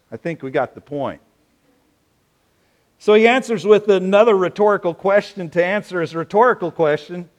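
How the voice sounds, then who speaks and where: A man preaching a sermon, playful and animated, drawing answers from his congregation. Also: high-pitched, normal speed. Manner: animated, playful, asks the audience questions. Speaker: pastor.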